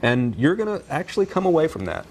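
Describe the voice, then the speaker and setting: A man speaks quickly and with a very lively, swinging pitch, explaining his parenting ideas as a guest on a TV news show. He often slips into little acted-out lines for parents and kids. Faint background noise sits under his voice. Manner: energetic, animated, acts out parent and kid voices. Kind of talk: TV news interview.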